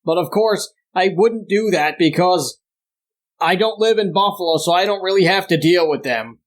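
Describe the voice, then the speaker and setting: Man, young adult, podcast co-host, fairly high voice, casual ranting, mocking tone. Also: normal speed. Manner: ranting, exaggerated disdain, rising pitch when worked up. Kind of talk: casual chat.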